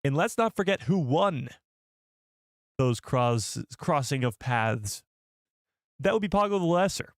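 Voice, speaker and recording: A man's voice: a little high, expressive, unhurried, long pauses, no echo, clean studio sound. A man casually hosting a live stream, chatty and rambling, often correcting himself mid-sentence. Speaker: host of a live show.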